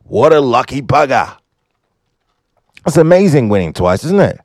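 A man's voice: very animated, moderate pace, darkish tone, no room sound. A man putting on an exaggerated Australian accent to voice a jokey Australian bloke. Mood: mock-indignant. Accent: put-on Australian. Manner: exaggerated, raised pitch.

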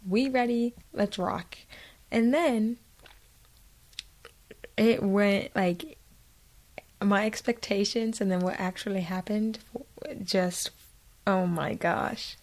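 A woman's voice: medium pitch, slow, pauses often, low-quality recording. A young woman hosting her own podcast in a chatty, self-mocking way, with lots of fillers. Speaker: podcast host. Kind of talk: casual solo podcast chat.

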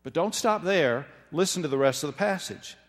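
A man giving a measured, emphatic sermon, slowing down when he reads scripture. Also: on the high side, lively intonation. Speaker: preacher. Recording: long hall reverb.

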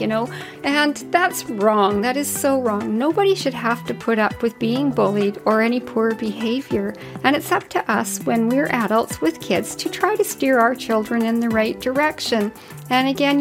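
Earnest woman podcaster, higher voice. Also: moderate pace, faint music behind. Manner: earnest, folksy storytelling. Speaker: podcast host. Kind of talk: personal reflective podcast talk.

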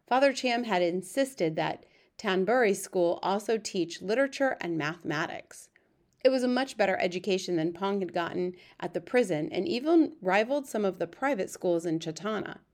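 A woman reading a children's novel aloud in measured scripted narration. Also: medium pitch, animated. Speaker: audiobook narrator.

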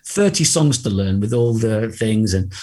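A man's voice: lowish voice, measured pace. A middle-aged man, a guest singer, telling a long anecdote in a casual interview, acting out the voices of the people in it and laughing often. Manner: animated storyteller, acts out quoted voices, laughs often.

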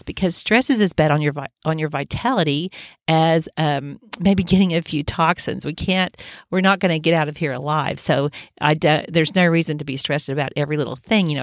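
A woman's voice: sits low, no room sound, studio quality. A middle-aged woman giving an informal health talk in a conversational, reassuring way, with frequent fillers. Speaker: health educator.

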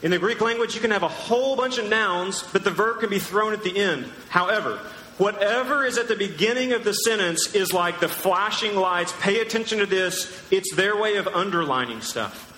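A pastor preaching a sermon, teaching emphatically and asking the crowd questions. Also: male voice, sits high, lively intonation, moderate pace, sharp tone, slight background noise. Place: large church hall. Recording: echoey church hall with long reverb.

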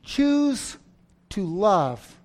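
A man preaching a sermon, swinging from loud outbursts to near-whispers, acting out story voices with humor. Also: high voice, sing-song, extremely slow. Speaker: pastor.

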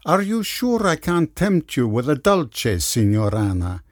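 A man's voice: medium pitch, very animated, measured pace, no room sound, clean studio sound, pitched above the performer's own voice. A man voicing a flirtatious middle-aged Italian restaurant owner with a lilting Italian accent. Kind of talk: audiobook character voice.

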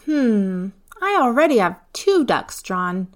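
A woman voicing a young girl, high and slow, emphatic like a small child. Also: sing-song. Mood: thoughtful. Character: young girl, earnest and emotional.

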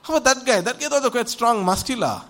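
A man's voice: very high-pitched, expressive, fast, fairly bright tone, pitched above the performer's own voice. A man voicing the prophet Samuel as an older man who keeps questioning God in disbelief. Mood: incredulous. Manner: incredulous, pleading questions.

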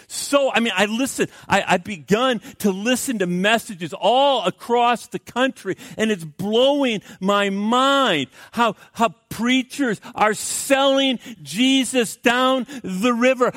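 A middle-aged man preaching a sermon as pastor, his voice sitting high. He moves between loud urgent pleading and quiet, low asides, restarting and repeating words to drive points home. The sound is dry and close. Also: no room sound.

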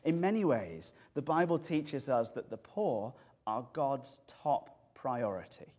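A man preaching an expository sermon, lively and animated as he explains words and tells the story. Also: medium pitch, slow pace.

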